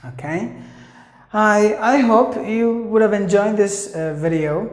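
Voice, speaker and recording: Male English teacher, slow and careful, repeats every word twice, roomy classroom sound. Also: high voice. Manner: says each word twice, slow and deliberate. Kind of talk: pronunciation lesson. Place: classroom with a board. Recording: echoey room.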